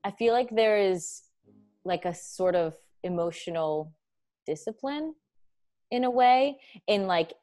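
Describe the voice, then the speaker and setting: A woman's voice: medium pitch, lively intonation, slow pace, darkish tone, faint music behind. A young woman hosting a podcast, chatting casually and animatedly, swearing often and acting out quotes. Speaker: podcast host. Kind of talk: casual chat.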